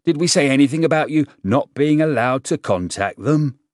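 A man voicing a rude, chain-smoking middle-aged police captain who talks loudly and bluntly in an audiobook reading. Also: medium pitch, expressive, moderate pace, no room sound, clean studio sound, pitched above the performer's own voice, close to an everyday voice. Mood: scolding. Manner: loud, gruff and blunt.

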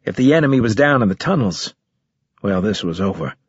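Husky man narrating a story. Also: lowish voice, expressive, fairly quick, dry recording, lo-fi sound. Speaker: audiobook narrator. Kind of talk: first-person scripted narration.

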